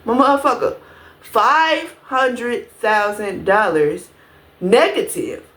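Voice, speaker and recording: A woman's voice: on the high side, slow pace. A woman telling a storytime to her viewers, casual and profane, talking to them directly. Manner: profane, animated, addresses viewers as y'all.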